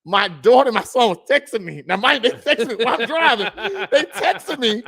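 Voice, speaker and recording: A middle-aged man, co-hosting a casual podcast chat and telling stories with lively energy. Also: very high-pitched, a little fast, vocal fry. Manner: animated storytelling, laughs while telling. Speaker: podcast co-host.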